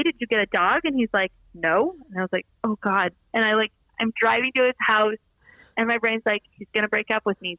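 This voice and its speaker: Gravelly woman chatting on a podcast, bright edge, acts out little quotes, kinda muffled dry line. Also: fairly high pitch, no room sound. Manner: animated storyteller, acts out quotes. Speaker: podcast guest. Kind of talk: casual chat.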